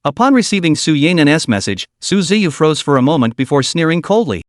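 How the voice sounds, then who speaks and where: A man narrating a web-novel audiobook in an expressive, dramatic storytelling manner. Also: on the high side, a little fast, no room sound, studio quality.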